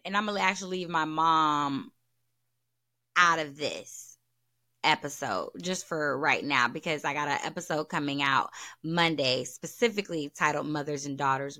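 Blunt, profane woman podcaster with a bright edge. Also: low-pitched. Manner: blunt and profane, talks frankly; emphatic, repeats points for stress. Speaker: podcast host. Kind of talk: candid solo podcast monologue.

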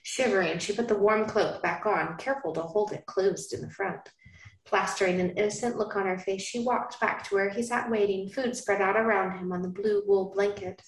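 A woman hosting a podcast, reading a romance novel aloud in a hushed, dramatic cadence. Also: medium pitch, steady tone, moderate pace. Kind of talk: dramatic reading with joking asides. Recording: roomy, echoey room.

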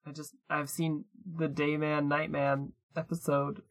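A man's voice: fairly high pitch, completely flat delivery, measured pace, fairly bright tone. Male podcast co-host, playful and giggly, casual banter. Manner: playful, giggly, spins absurd ideas. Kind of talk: casual chat.

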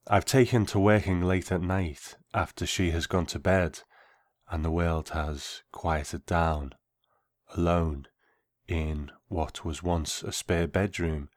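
Deep-voiced man reading his story. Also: dry recording. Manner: measured, reflective. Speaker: narrator. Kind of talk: first-person story reading.

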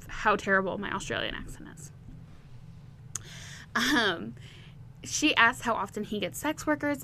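Chatty woman recapping a book, slightly high. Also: a bit bright, a little hiss or hum. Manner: chatty and candid, laughs often. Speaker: podcast host.

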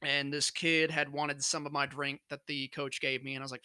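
A man's voice: a little high, flat delivery, fairly quick, sharp tone, clean tone, dry recording. A man casually telling a rambling, profane story to his friends, laughing as he goes. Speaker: podcast co-host telling a story. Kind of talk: casual chat among friends.

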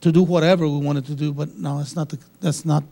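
A man speaking as a pastor, earnest and halting, often restarting his phrases. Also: a little high, steady tone, vocal fry, mellow. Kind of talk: casual sermon-like talk.

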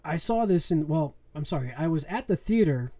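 Co-host, man, higher voice, relaxed anecdotes with laughs. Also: a little fast. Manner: chatty storyteller, laughs along. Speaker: podcast co-host. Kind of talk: casual chat about horror movies.

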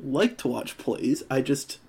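A man's voice: medium pitch, animated, unhurried, creaky, a little mellow, husky. A young man on a casual podcast, speaking in a dry, teasing way. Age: young adult. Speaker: podcast co-host. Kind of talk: casual chat.

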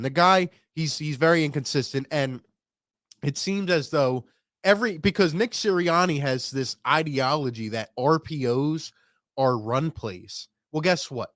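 A man's voice: on the high side, no room sound, clean studio sound. A young man ranting in frustration after his team's loss, firing off rhetorical questions to his stream chat. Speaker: sports fan streamer. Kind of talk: ranting post-game commentary.

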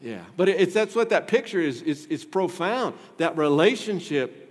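A man's voice: high-pitched, expressive, moderate pace. A male pastor delivering an emphatic sermon in a church, asking the congregation rhetorical questions. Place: church sanctuary. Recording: long hall reverb from a church.

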